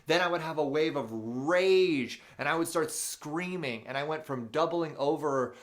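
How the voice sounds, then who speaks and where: Hosting a live motivational show, a man with a slightly high voice tells a personal story at a measured pace. He's animated and unscripted, full of fillers and restarts, and he reads viewer questions aloud.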